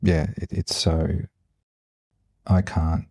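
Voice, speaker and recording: Man, podcast host, dark husky voice, gravelly, gentle, reflective. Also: rumbling low, level tone, slow pace, dry recording, studio quality. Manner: gentle, reflective, many soft agreements. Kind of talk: casual interview chat.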